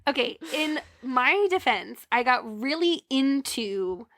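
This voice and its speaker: A young woman co-hosting a podcast in casual chat, hoarse from being sick and talking softly. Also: animated, dry recording, clean studio sound. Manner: quiet, deliberately lowered speaking volume. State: hoarse from illness. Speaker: podcast co-host.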